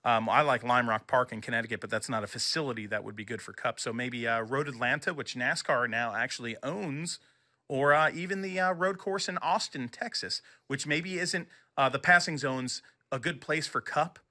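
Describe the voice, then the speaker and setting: A man's voice: mid-range voice, moderate pace, sharp tone. A middle-aged man chatting as co-host, talking with enthusiasm and a storyteller's ease. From Northeastern US. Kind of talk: casual chat.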